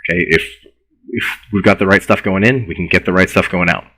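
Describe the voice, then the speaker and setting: Husky, low-voiced man lecturing. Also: fast talker, pushed and bright, low-quality recording. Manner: conversational, repeats himself, restarts words. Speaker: philosophy lecturer. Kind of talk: university lecture.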